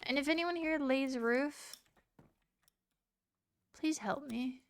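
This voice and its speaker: Speaking slowly in a high voice, a woman chats with her stream audience as she plays a game. Her talk is casual and full of teasing and swearing, aimed at both chat and a pet.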